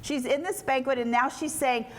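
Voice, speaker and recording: A woman speaker at a retreat giving informal Bible teaching in a lively, colloquial storytelling manner. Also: high-pitched, moderate pace, a little hiss or hum.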